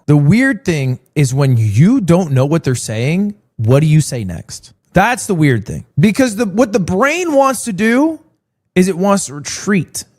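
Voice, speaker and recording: Animated high-voiced young man. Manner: animated storytelling with mock quotes. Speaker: streamer. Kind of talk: casual chat.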